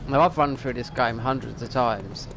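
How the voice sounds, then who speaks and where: A man's voice: medium pitch, normal speed, creaky, noisy background. Rambling man streaming a game. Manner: rambling, thinks aloud, swears at the game. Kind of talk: casual gameplay commentary.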